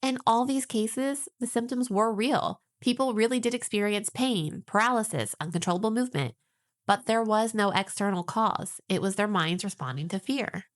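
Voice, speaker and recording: A woman with a mid-range voice co-hosts a podcast, explaining ideas in a measured, informative manner and adding a bit of light teasing.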